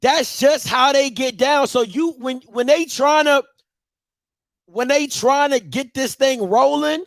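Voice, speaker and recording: A man's voice: extremely high pitch, slow, no room sound, clean studio sound. A man hosting a live talk show, giving emphatic commentary that repeats points and uses casual slang. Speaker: host.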